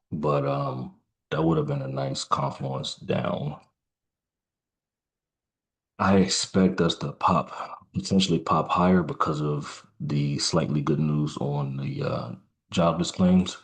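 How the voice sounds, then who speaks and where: A man giving halting live trading commentary, musing aloud with many fillers and restarts, sounding tired. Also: extremely low pitch. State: yawning, tired. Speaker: trader.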